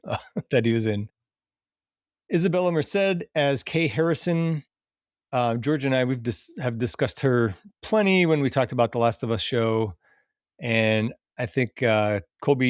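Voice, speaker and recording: A man's voice: mid-range voice, no echo. Laid-back male podcast host, dry mic. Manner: relaxed, laughs often, reads cast list. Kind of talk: casual chat.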